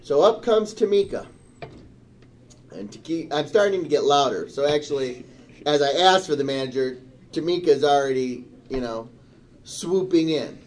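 A middle-aged man telling a story in casual chat, animated and turning indignant as he goes. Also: fairly high pitch, moderate pace. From Michigan, USA. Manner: animated, rising to indignant outbursts. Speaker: storyteller on a talk show.

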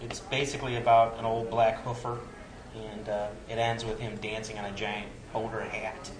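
A man's voice: lowish voice, little pitch movement, moderate pace, roomy sound, a crowd in the background, poor audio. A man in a casual chat with dry, sarcastic remarks.

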